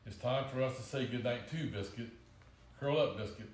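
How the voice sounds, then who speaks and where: Cheerful little girl, as a man reads her, coaxing storybook voice, raised pitch, roomy echo. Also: moderate pace, a little hiss or hum, close to an everyday voice. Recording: roomy echoey recording.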